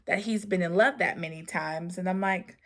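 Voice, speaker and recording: A woman's voice: on the low side, moderate pace, fairly bright tone. A young adult woman hosting a casual recap of a reality show, talking in a chatty way with lots of fillers and the odd sigh. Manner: chatty, with many fillers and sighs.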